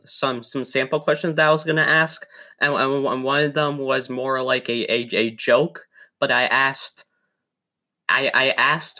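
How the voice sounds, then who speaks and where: A man's voice: medium pitch, bright, forceful tone. A man hosting a podcast, asking interview questions with hesitant, stumbling restarts. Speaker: podcast host.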